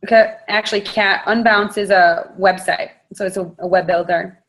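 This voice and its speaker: A woman's voice: mid-range voice, fairly even intonation, moderate pace, a bit bright. A woman on a video call, giving a blunt, frank and fired-up motivational talk as a network marketing leader.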